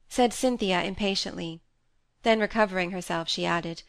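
A woman reading a novel aloud in a steady, measured narration. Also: on the low side, vocal fry, no echo. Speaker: audiobook reader. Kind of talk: scripted narration.

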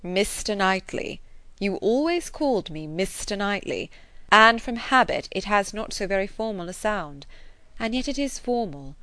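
A woman voicing an earnest, affectionate gentleman who gently reproves the woman he loves, in an audiobook reading. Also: medium pitch, animated, measured pace, dry recording.

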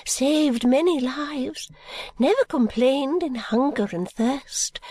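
A woman reading an audiobook, voicing an excitable, eccentric old woman who gushes breathlessly. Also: no room sound. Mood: gushing. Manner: breathless, gushing, high and fluttery. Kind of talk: audiobook character voice.

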